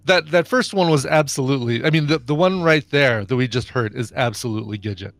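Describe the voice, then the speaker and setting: A man's voice: medium pitch, brisk, a bit bright, dry recording. A man co-hosting a podcast in casual chat, teasing and playful. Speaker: podcast co-host.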